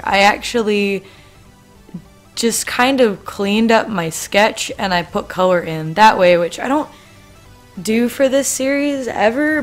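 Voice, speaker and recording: A young woman hosting an art channel, giving bubbly, rambling casual commentary on her drawing into a desk microphone, with plenty of ums and asides. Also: medium pitch.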